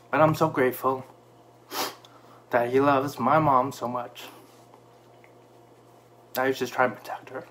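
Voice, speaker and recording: A man's voice: medium pitch, steady tone, measured pace, long pauses, fairly bright tone, slight background noise. A man telling an emotional personal story in a candid, heartfelt way, with frequent fillers and restarts. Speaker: storyteller sharing a personal experience.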